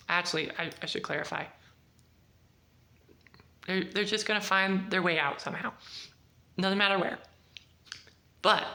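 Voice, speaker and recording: Reviewing a book in a relaxed way, a woman with a lowish voice rambles animatedly through the plot, filling her retelling with plenty of "like".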